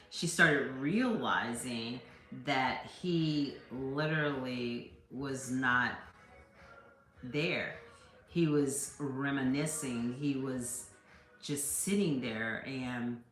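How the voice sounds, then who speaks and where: Very deep-voiced, slow, halting woman. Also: fairly bright tone, echoey room. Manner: hesitant, many fillers and restarts; heartfelt, earnest. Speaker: tarot card reader. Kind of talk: reflective storytelling to viewers.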